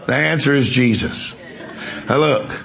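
A man's voice: mid-range voice, lively intonation, unhurried, vocal fry, fairly bright tone. A man preaching a sermon, telling a story with emphasis and quizzing the congregation. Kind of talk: sermon with testimony.

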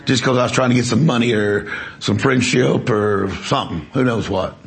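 A man's voice: mid-range voice, normal speed, vocal fry. A man preaching a sermon, telling a story emphatically and repeating words as he builds it.

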